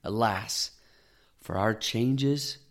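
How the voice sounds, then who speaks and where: A man in his thirties giving an earnest, gentle devotional sermon as a podcast host, often dropping to soft tones. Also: fairly low pitch, extremely slow.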